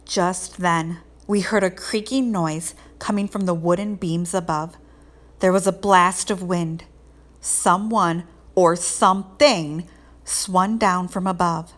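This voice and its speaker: A woman reading a children's picture book aloud in an expressive, lilting storytelling way. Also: fairly low pitch, takes it slowly. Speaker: read-aloud host.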